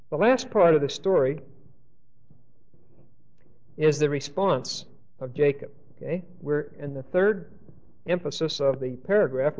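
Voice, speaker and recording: A man's voice: fairly high pitch, a little mellow. A man teaching a Bible class, thinking aloud with restarts and often checking in with "Okay?". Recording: dull lo-fi recording.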